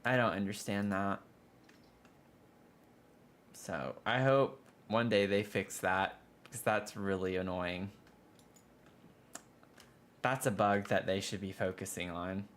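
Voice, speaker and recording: His voice is fairly low, steady, and a bit bright, delivered slowly with long pauses. As a game streamer playing a building game live, he chats casually, gripes about bugs, and lets out frustrated, dramatic groans at setbacks.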